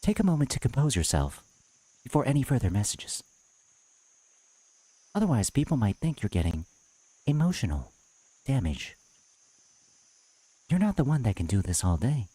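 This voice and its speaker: A man's voice: mid-range voice, wildly swooping pitch, moderate pace, long pauses, warm tone, husky, no echo. Man doing a sneering, mocking impression. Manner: sarcastic, condescending, taunting. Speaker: streamer. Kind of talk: mocking impression of another creator.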